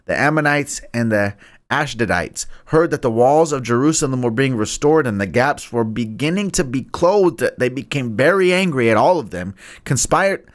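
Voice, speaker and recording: A man with a mid-range voice reads scripture aloud on a live stream, alone in a room and close to a studio microphone. He keeps it relaxed and talkative, tripping over hard names and chuckling at his own asides. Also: mid-range voice, moderate pace. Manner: laid-back and chatty, stumbles over names, laughs at his own jokes. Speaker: Bible study host. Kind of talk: live-streamed Bible reading with casual commentary.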